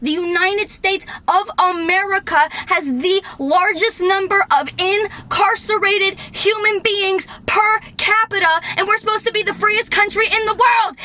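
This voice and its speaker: A woman in her twenties ranting unscripted to her camera, fired up and swearing, sometimes shouting. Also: very high voice, normal speed, hardly any pauses, a little hiss or hum. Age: 20s. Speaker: vlogger. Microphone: camera mic.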